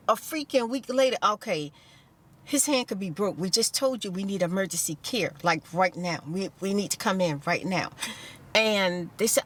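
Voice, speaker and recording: A woman's voice: mid-range voice, moderate pace, a bit bright. A middle-aged woman hosting her own video blog in a chatty, rambling way, with exasperated asides. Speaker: vlogger host. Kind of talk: casual chat. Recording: noticeable background noise.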